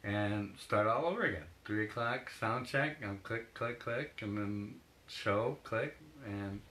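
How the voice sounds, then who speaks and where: A man's voice: on the low side, slow pace, bright, forceful tone, poor audio. A man being interviewed as a photographer, telling long rambling anecdotes with laughs and acted-out quotes. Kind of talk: casual storytelling in an interview.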